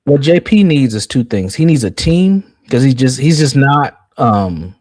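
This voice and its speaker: A man hosting a loose online chat, his voice swinging up and down with lively energy. He is blunt and profane. The sound is close and dry, with no room around it. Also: medium pitch, measured pace, dry recording, low-quality recording. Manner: animated, blunt and profane, acts out others' words. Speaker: show host. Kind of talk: casual live chat.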